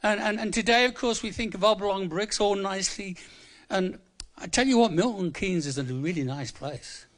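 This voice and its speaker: In church, an Englishman of seventy-five preaches a humorous, conversational sermon, repeating words for emphasis. The preacher, in his 70s, has a high, slightly bright voice and speaks at normal speed.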